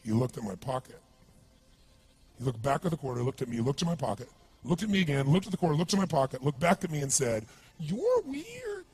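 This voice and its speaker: A man's voice: mid-range voice, fast talker, a little mellow. A man giving an emphatic seminar talk, telling stories and quizzing his audience. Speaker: motivational speaker.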